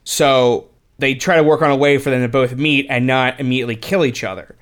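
A man's voice: medium pitch, fairly even intonation, brisk, fairly bright tone. A man co-hosting a casual film podcast, rambling with many restarts and retelling what others said. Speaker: podcast co-host. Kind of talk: casual film commentary chat.

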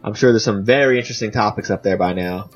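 A man's voice: lowish voice, fast talker, lo-fi sound, soft background music. A man hosting a podcast in casual, joking chat. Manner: joking, chatty, with restarts. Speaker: podcast host.

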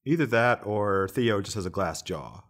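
Man, low-pitched, very lively intonation, teasing, jokey. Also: normal speed. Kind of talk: casual group chat.

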